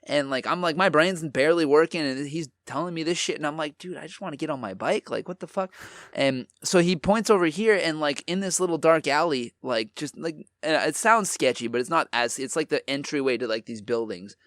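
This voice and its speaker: A man telling a story in casual chat, animated, swearing often and acting out what people said. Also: on the high side, brisk, few pauses, no room sound, studio quality. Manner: animated, swears a lot, acts out quotes. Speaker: podcast co-host.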